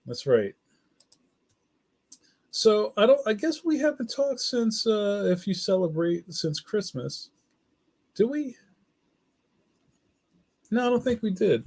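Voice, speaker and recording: A middle-aged man with a voice on the high side hosts a casual livestream chat. He talks to viewers in a relaxed, slangy way and reads their comments aloud.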